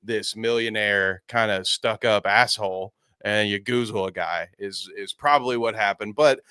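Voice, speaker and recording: A man's voice: on the low side, normal speed, pushed and bright, clear, resonant tone, no echo, studio quality. A man co-hosting a live podcast, commenting on clips in a rambling, stop-start way and often correcting himself. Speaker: podcast co-host. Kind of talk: casual live-stream chat.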